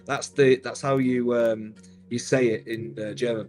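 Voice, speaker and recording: A man's voice: medium pitch, steady tone, a little slow, a little mellow, faint music behind. A man, hosting a live stream, chatty and upbeat, calling viewers "mate". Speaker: host.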